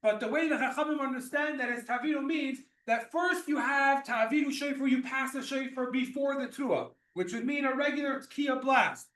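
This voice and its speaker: A man with a very high voice teaches a religious law class. He explains each point patiently, repeats himself and restarts his sentences. He sounds distant from the mic, in a room full of echo. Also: brisk, few pauses, fairly bright tone. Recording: echoey room, mic far off.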